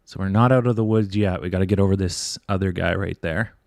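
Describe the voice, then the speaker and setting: A man's voice: low-pitched, steady tone, a little fast, gravelly, darkish tone, dry recording, studio quality. A man hosting a live stock trading stream, rambling casually and thinking aloud. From Canada. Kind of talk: live stream chart commentary.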